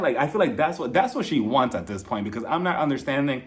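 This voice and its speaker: A chatty young man talks through a reality show episode like he's gossiping with a friend. His voice sits a little high and swoops up and down a lot, and he keeps dropping exasperated asides. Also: very animated, brisk, hardly any pauses. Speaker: reality TV reviewer. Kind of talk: casual recap commentary.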